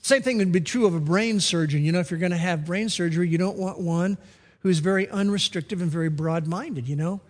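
A man with a high voice delivers a sermon at a slow, deliberate pace. He now and then acts out comic voices for the people in his stories. His words ring out with the long reverb of a large church hall. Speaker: pastor.

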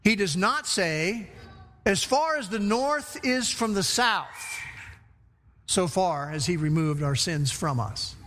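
A man preaching a sermon to a congregation in a church, animated, asking questions and repeating phrases for emphasis. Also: high voice. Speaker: pastor. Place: church sanctuary. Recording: long hall reverb.

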